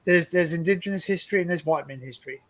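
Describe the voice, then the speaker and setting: A high-pitched Australian man hosts a casual online group chat. He rambles through his points, stumbling over repeated words, and states his opinions bluntly. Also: quick pace. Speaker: livestream host.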